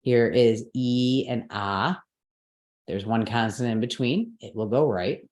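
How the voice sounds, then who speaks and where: A woman teaching a live class, explaining step by step, checking that her students follow, and correcting her own slips out loud. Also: very deep voice, measured pace, roomy sound. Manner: patient, step-by-step explaining with frequent checks for understanding.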